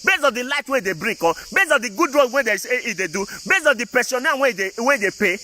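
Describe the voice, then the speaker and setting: A man's voice: very high-pitched, very animated, fast, pushed and bright, a little hiss or hum. A man with a Nigerian Pidgin English accent, ranting to his viewers in a casual, emphatic and repetitive way. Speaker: vlogger. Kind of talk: casual political rant to viewers.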